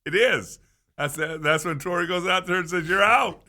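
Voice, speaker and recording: Bright-voiced man arguing calmly. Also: on the high side, normal speed. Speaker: sports radio co-host. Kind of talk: sports talk debate.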